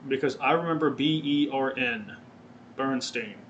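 A man's voice: mid-range voice, unhurried, fairly bright tone, muffled recording, slight background noise. A man hosting his own podcast, chatting casually in a rambling, profane way and often correcting himself. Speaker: podcast host. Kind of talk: casual solo podcast chat. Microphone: webcam or desk mic, seen on video.

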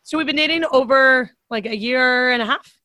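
A young woman co-hosting a casual chat, telling animated stories with frequent laughter and casual swearing. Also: sits high, brisk, no room sound.

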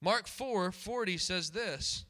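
Bright-voiced preacher man. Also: high voice, slow pace. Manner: emphatic, repeats key phrases, asks the congregation questions. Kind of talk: sermon.

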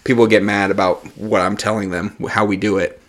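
A young man chatting casually, blunt and deadpan, swearing freely as he tells work stories. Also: lowish voice, brisk. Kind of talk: casual chat.

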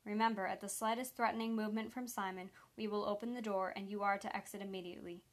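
A woman reading the lines of a calm, gentle male federal agent who speaks persuasively. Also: mid-range voice, fast, natural voice.

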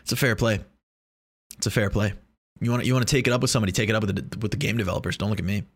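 A man's voice: lowish voice, rapid-fire, slightly rough, no room sound, clean studio sound. A young man talking in a casual, rambling monologue, joking and swearing freely.

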